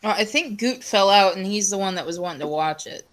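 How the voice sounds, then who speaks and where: A woman's voice: mid-range voice, expressive, brisk, fairly bright tone. A woman co-hosting a casual chat show who laughs often, swears casually and reads viewer messages aloud.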